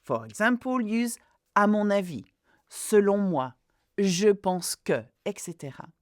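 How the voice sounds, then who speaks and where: A woman tutor teaching an exam-prep lesson at an unhurried pace. Her pitch rises and falls freely as she reads out example phrases clearly and deliberately. The sound is dry and close. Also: sing-song, dry recording. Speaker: French tutor. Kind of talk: instructional video lesson.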